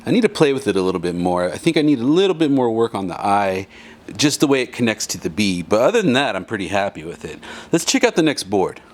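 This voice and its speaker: A man's voice: fairly low pitch, sing-song, quick pace. A man demonstrating art supplies in a warehouse, talking in a laid-back, slangy, joking way. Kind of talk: casual demo video talk.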